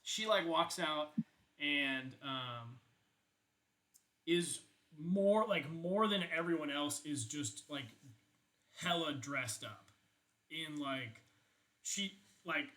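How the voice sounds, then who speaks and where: Young rambling game master, bright voice. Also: male voice, on the high side, slow pace, long pauses, low-quality recording. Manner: rambling, lots of "like" and swearing. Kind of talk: narrating a tabletop game, casual.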